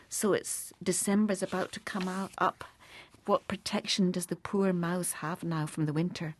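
A woman guest talking about a poet and his verse, explaining in a lively, expressive way. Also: on the low side, normal speed, no room sound. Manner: expressive, animated recitation. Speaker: guest speaker on poetry. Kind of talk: explaining and reciting poetry.

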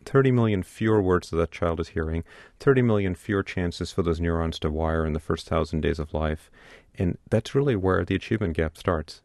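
A man's voice: deep voice, creaky, a little mellow, dry recording, studio quality. A middle-aged man, a pediatrician, explaining earnestly in an interview and often repeating words as he starts. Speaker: pediatrician guest. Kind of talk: radio interview.

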